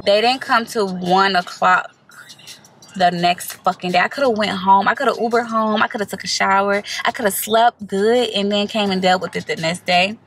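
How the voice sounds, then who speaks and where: A woman vlogger telling a story to the camera in a casual, animated way, swearing freely and calling her viewers y'all. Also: mid-range voice, normal speed, background noise. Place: inside a parked car.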